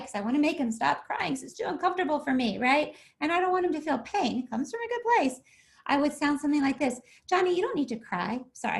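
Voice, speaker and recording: A woman with a high voice walks her listeners through a parenting method step by step. She keeps checking in with "okay?" and "right?", and briefly takes on the voices of parent and child. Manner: acts out parent and child with quick shifts in voice. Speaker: parenting coach. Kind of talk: explanatory talk on parenting.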